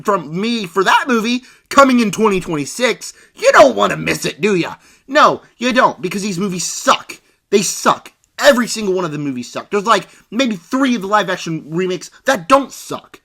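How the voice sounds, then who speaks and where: Man, high voice, bright tone, sarcastic movie rant. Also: lively intonation, normal speed. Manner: sarcastic, exaggerated. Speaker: movie reviewer. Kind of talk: casual movie review rant.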